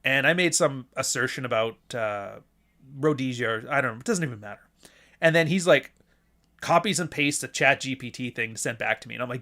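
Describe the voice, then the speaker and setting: A man's voice: mid-range voice, expressive, brisk, pushed and bright. A man hosting a livestream, talking in a casual, blunt and profane rant. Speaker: podcast host.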